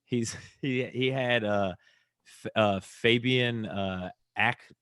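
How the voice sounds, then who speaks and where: A man's voice: mid-range voice, takes it slowly, fairly bright tone, clear, resonant tone, no echo, studio quality. A man co-hosting a podcast, recapping segments in a laid-back, amused way. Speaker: podcast co-host, wrestling reviewer. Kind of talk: casual podcast review chat.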